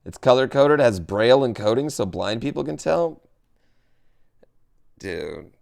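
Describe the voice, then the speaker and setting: Gravelly streamer guy rambling to chat, voice jumps all over, swears a lot. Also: mid-range voice. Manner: animated, chatty, swears, quick asides to chat. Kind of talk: casual live-stream chat.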